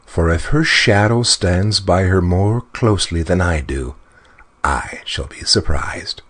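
A man's voice: low voice, a little slow, a bit bright. A man reading a fairy tale aloud and voicing a smug, greedy little male dwarf with a sly, disdainful manner. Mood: boastful. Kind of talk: storybook narration.

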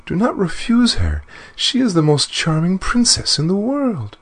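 A man's voice: mid-range voice, normal speed, voice pushed up, natural voice. A man reading a fairy tale aloud and voicing a frightened queen, pleading in distress. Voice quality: pleading, fearful. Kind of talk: storybook narration.

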